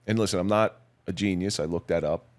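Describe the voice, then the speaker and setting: A middle-aged man, a police officer, recounting his story in a measured, somber, plain-spoken way as a podcast guest. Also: low-pitched. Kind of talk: personal storytelling in a podcast interview.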